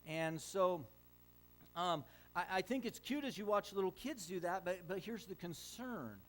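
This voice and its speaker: A man's voice: high-pitched, lively intonation, unhurried, fairly bright tone. A middle-aged man preaching a sermon as a pastor, telling stories conversationally with frequent fillers and restarts.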